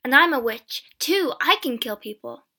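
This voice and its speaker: A woman voicing a defiant young man, a witch's son, who boasts loudly. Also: high-pitched, lively intonation, normal speed, husky, full character voice. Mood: boastful. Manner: loud, boastful.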